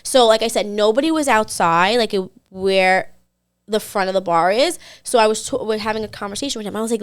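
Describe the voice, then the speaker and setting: A young woman, co-hosting a podcast and telling a story in an animated, chatty way. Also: medium pitch, fairly quick, clear, resonant tone. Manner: animated, chatty, acts out the people she quotes. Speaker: podcast co-host. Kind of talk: casual storytelling.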